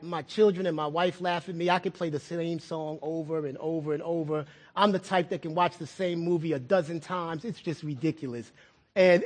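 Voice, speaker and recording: A middle-aged male pastor preaching a sermon in a conversational way, repeating words and asking the congregation questions. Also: sits high.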